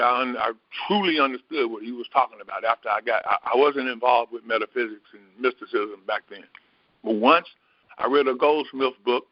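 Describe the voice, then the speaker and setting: A middle-aged man giving a reflective metaphysical Bible teaching, unhurried and repetitive, musing aloud. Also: mid-range voice, dry recording. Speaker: spiritual teacher. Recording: dull, dry lo-fi recording.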